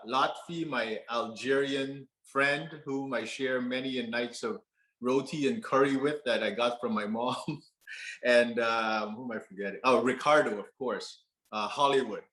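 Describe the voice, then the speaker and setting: Speaking at an unhurried pace with a sharp tone and medium pitch, a man from Canada tells a personal story on stage. He is earnest and conversational, laughing now and then, and the auditorium echo is roomy.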